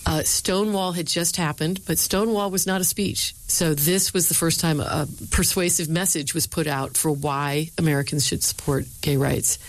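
A middle-aged woman, a speechwriter and lecturer, answering interview questions with lively storytelling and quoting others in changed voices. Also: deep voice, moderate pace, few pauses, no room sound, low-quality recording. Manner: animated storyteller, voices quoted people.

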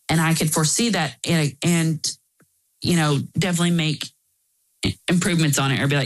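A woman's voice: fairly low pitch, steady tone, brisk, low-quality recording. Earnest woman telling her story. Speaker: interview guest. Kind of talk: candid personal storytelling.

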